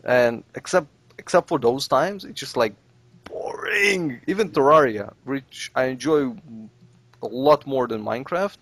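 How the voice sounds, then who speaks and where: Animated man hosting a gaming podcast. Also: medium pitch, normal speed, dry recording. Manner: animated, swears casually, acts out quoted reactions. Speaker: podcast host. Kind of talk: casual podcast chat.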